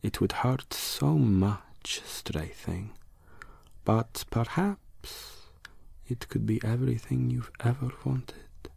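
A man's voice: medium pitch, slow, vocal fry, darkish tone, slightly rough, no echo, in a whisper, pitched above the performer's own voice, exaggerated voice. Man doing a hissing predatory creature man. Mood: menacing whisper. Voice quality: sibilant hiss. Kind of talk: erotic horror audiobook reading.

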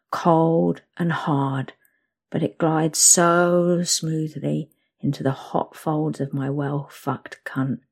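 Low breathy woman narrating. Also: darkish tone. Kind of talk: intimate second-person erotic story narration.

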